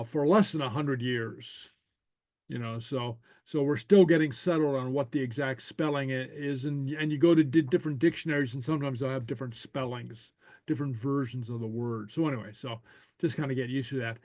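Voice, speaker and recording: A man teaching a relaxed language class, speaking slowly and hesitantly with lots of okays and soft chuckles, sounding out new words for his students to repeat. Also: mid-range voice, no echo.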